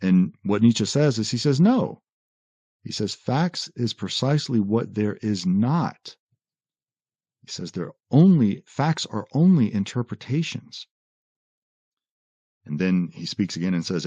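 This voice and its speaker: A man explaining philosophy in a conversational lecture, quoting texts and often pausing on "uh" and "right?". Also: fairly low pitch, slightly rough, dry recording, muffled recording. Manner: animated explainer, quotes texts, frequent "uh" and "right?". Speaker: podcast guest explaining philosophy.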